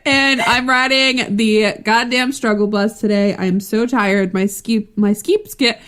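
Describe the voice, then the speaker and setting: A woman's voice: on the high side, steady tone, unhurried, a bit bright, clear, resonant tone. A woman co-hosting a podcast in casual chat, laid-back, laughing often and swearing casually. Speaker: podcast co-host.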